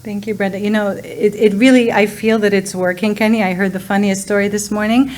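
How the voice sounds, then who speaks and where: A woman's voice: mid-range voice, brisk, slight background noise. A woman co-hosting a talk show, telling anecdotes animatedly and acting out the quotes. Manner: animated storyteller, acts out quotes. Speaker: co-host. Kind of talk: casual talk show storytelling.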